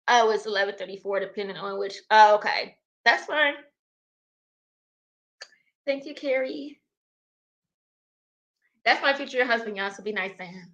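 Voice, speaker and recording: Bright-voiced chatty woman livestreaming. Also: mid-range voice, moderate pace, long pauses. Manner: chatty, laughs often, talks to viewers as y'all. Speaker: livestream host reading chat. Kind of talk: casual livestream chat.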